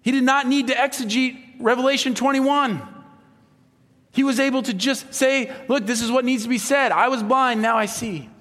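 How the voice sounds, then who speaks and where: A man preaching a sermon as a pastor, telling stories with animated delivery and acting out the voices of the people he quotes. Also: very high-pitched, moderate pace. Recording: long hall reverb.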